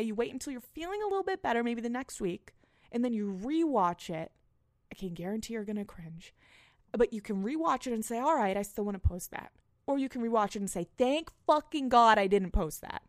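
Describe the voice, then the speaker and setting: A young woman hosting her own podcast, talking casually and bluntly with a lot of swearing, and getting louder and more animated as she rants. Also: fairly high pitch, dry recording, studio quality. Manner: blunt, frequent swearing, rising and animated when ranting. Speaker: podcast host. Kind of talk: casual solo podcast rant. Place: small apartment.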